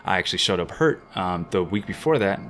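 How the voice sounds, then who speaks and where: A man guesting on a podcast, telling an animated, slangy anecdote about his riding career. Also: low-pitched, faint music behind. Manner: fast-talking. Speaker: guest BMX rider. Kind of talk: casual storytelling.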